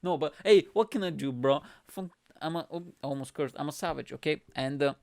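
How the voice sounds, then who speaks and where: A man's voice: on the high side, brisk, creaky, darkish tone, no room sound. Slangy young man telling a story. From Bulgaria. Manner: loose, slangy, says "bro" and "like" a lot. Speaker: comedian podcast host. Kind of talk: casual storytelling monologue.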